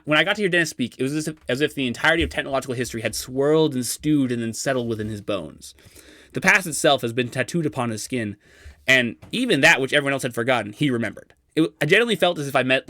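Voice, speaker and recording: Young man, personal vlog narration, dry close sound, crisp bright tone. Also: medium pitch, no room sound. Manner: wry, self-deprecating, occasionally flowery. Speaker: vlogger.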